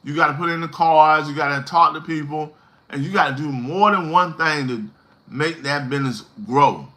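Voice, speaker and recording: A middle-aged man lecturing his viewers in a blunt, slangy motivational rant. His voice sits high for a man and has a hard, pushing edge. He hammers each point home like a stern mentor. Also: normal speed, sharp tone. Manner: preachy, slangy, emphatic lecturing. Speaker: fragrance business vlogger.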